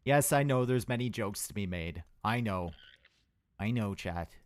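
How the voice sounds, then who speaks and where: A man's voice: on the low side, animated, a little slow, dry recording. Chatty young male game caster, dry sound. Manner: chatty, rambling asides with the chat. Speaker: esports caster. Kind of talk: live game commentary.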